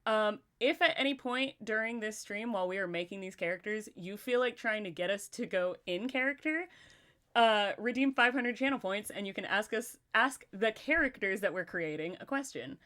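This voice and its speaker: A woman hosting a casual livestream chat, talkative and quick to laugh, often talking to herself as she goes. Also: medium pitch, animated, a bit bright. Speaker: livestream host.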